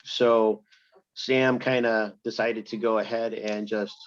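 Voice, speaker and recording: A man's voice: on the low side, level tone, slow pace, no echo. Middle-aged male wrestler guest, easy storyteller; muffled remote line, no room sound. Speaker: guest, veteran pro wrestler. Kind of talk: casual interview storytelling.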